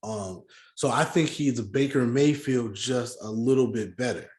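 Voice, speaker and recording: A man's voice: medium pitch, normal speed, a little mellow, roomy sound. A man co-hosting a casual sports podcast, arguing his points and often repeating himself. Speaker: podcast co-host.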